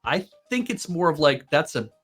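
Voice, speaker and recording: A man hosting a casual stream, telling stories in an animated, rambling way full of likes and ums. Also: fairly high pitch, normal speed, breathy edge, faint music behind. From Canada. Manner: animated storyteller, rambling with fillers. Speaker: stream host. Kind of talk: casual chat.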